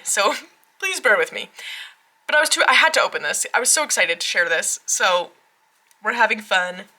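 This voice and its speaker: A woman walks through a new tarot deck in her home tarot room, gushing and excitable, with gasps and filler words between her thoughts. Her voice is bright and forward, set at an ordinary middle pitch for a woman. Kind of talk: casual unboxing walkthrough.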